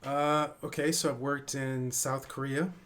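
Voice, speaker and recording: A man's voice: mid-range voice, flat delivery, measured pace, a bit bright. A man who teaches math, a shy, hesitant guest chatting on a casual live stream. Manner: hesitant, shy, many "uh" fillers.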